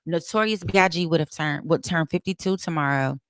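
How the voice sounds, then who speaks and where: A woman's voice: sits low, brisk, no echo, clean studio sound. A woman co-hosting a casual talk show, chatty and playful. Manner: chatty, playful, sings snippets. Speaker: co-host reading birthdays. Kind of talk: casual sports talk banter.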